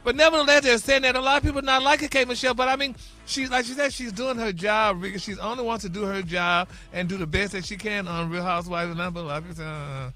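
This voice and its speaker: A man's voice: high-pitched, quick pace, soft background music. A man hosting a celebrity gossip segment on morning radio. He is chatty and opinionated, and he calls everyone "honey," "baby" and "y'all.". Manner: animated, opinionated, bickers with co-hosts.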